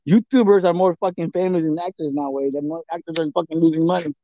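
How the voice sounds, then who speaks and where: A man with a gravelly, fairly high voice, talking casually and profanely on a podcast. He laughs often and slips into Spanish. The recording is dry and a little dull. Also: fairly even intonation, quick pace, mellow, no echo. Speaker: podcast co-host. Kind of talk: casual chat.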